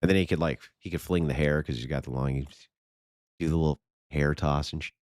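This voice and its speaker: A man's voice: extremely low pitch, fairly even intonation, brisk, darkish tone, dry recording, clean studio sound. A man chatting in casual commentary, sarcastic and mocking.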